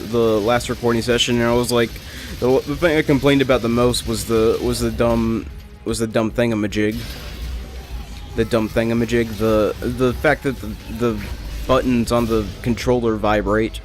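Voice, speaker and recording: A young man rambling and joking through casual gameplay commentary, often correcting himself mid-sentence. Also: mid-range voice. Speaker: let's play gamer.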